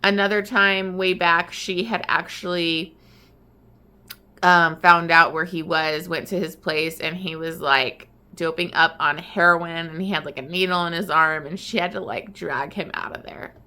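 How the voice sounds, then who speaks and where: A woman's voice: lowish voice, steady tone, a little slow, bright, forceful tone, clear, resonant tone. A woman book reviewer recapping a romance novel in a casual vlog, emotional and full of "like". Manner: emotional, heavy use of "like".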